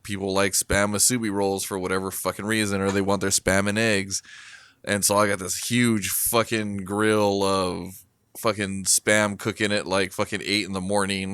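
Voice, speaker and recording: A man's voice: on the low side, a bit bright, clear, resonant tone, no echo. A man co-hosting a podcast, chatting in a laid-back, profane way with lots of filler words. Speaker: podcast co-host. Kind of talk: casual chat.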